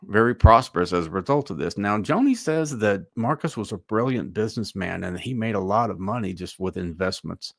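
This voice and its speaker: A man's voice: on the low side, lively intonation, brisk, creaky, hardly any pauses, no echo. A man hosting a livestream, giving opinionated commentary in a loose, musing way. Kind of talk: casual commentary.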